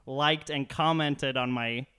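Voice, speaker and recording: A man's voice: mid-range voice, fairly even intonation, slow, pushed and bright, clean tone. A young man co-hosting a podcast, joking and rambling with lots of swearing. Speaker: podcast co-host. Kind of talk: casual profane chat.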